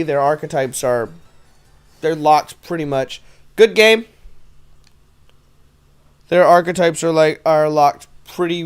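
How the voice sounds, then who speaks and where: A man's voice: fairly high pitch, clean tone. A young man casually commenting on a video game stream, rambling with many fillers and giggling often. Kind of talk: casual let's-play commentary. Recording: faint game music behind.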